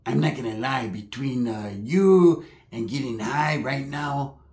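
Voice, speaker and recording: A man voicing a slow-witted stoner male cousin who mumbles and stammers. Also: mid-range voice, a little mellow, voice pushed down, close to an everyday voice. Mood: mumbling. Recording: roomy echo.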